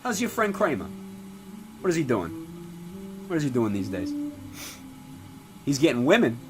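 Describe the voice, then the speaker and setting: A man's voice: moderate pace, over music, lightly acted. Give me a man doing a brash, foul-mouthed New dad. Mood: boasting. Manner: profane rambling rants with animated pitch swings. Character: foul-mouthed middle-aged male restaurant regular, brash father. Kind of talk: comedy sketch character monologue.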